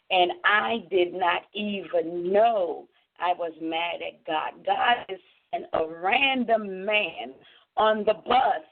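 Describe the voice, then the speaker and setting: Over a phone line, a Caribbean woman who is an author tells her story on a radio interview. Her medium-pitched voice is earnest and impassioned.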